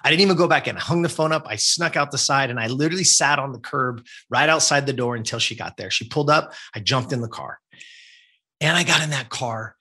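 A man's voice: medium pitch, fast, pushed and bright, breathy edge. A man, telling a personal story as a guest in an earnest, emphatic way and often checking in with "right?". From Southern California. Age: 50s.

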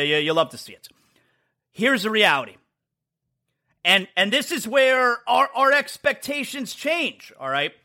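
Sharp in tone and high in pitch, a male sports talk show host runs through a repetitive, emphatic monologue. He's blunt throughout and openly ridicules rival teams.

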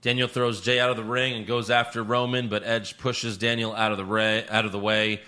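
Bright-voiced man recapping wrestling. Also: on the low side, little pitch movement, fairly quick. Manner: loose, profane, sarcastic recapping. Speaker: podcast co-host. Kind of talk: casual wrestling recap chat.

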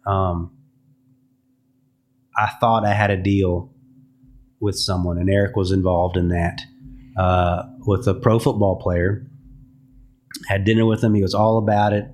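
Man, low voice, candid storyteller, podcast interview, faint room hum. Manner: candid storytelling, acts out quoted dialogue. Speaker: music publisher.

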